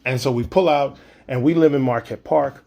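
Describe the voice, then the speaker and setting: A man's voice: mid-range voice, moderate pace, gravelly, a little mellow. A man in his fifties telling a spoken-word story, vivid, acting out sounds and quoting dialogue. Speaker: storyteller and poet.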